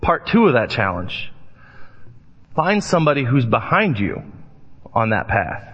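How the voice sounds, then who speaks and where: A man preaching a sermon, reading scripture and telling lively anecdotes as he acts out voices in the stories. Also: medium pitch, unhurried, husky. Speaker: pastor. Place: church sanctuary. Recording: long church reverb, dull lo-fi sound.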